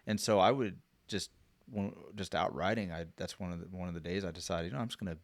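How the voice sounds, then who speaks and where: A man co-hosting a casual podcast, relaxed and easygoing, asking questions and sharing his own experience. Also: deep voice, fast talker, no room sound. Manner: relaxed, easy laughter, asks questions. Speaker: podcast co-host.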